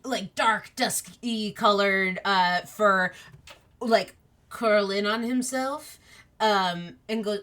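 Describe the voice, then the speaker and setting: A woman narrating a tabletop game as game master, relaxed with many fillers. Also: medium pitch, slow.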